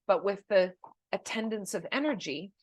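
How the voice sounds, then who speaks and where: A woman's voice: medium pitch, animated, moderate pace, a little mellow, no echo. A woman co-hosting a casual chat, patiently explaining spirit communication with leading questions. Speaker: medium, co-host.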